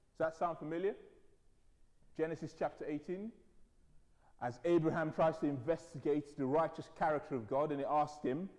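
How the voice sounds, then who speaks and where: A man's voice: fairly high pitch, moderate pace, long pauses. A man preaching a sermon, telling stories with conversational asides. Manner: animated storytelling, conversational asides. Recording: hall reverb.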